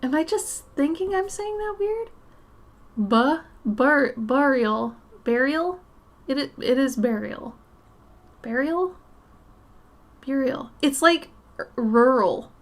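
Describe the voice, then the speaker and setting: A woman with a light Minnesota accent talks to her viewers in an unhurried, rather high voice. She chats casually during an art stream, laughs a lot and stumbles over words now and then. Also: lively intonation. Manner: chatty, laughs often, trips over words. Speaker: art livestream host. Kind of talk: casual livestream chat with viewers.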